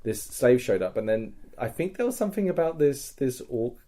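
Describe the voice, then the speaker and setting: A man hosting a podcast, telling a story in casual chat, animated and swearing a lot. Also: mid-range voice, moderate pace. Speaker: podcast host.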